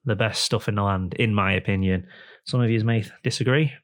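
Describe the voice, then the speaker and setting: The man's voice is lowish and steady, and he speaks a little fast. He's a podcast host in an indoor room with a guest face to face, goofing and rambling through a sponsor read as part of casual chat.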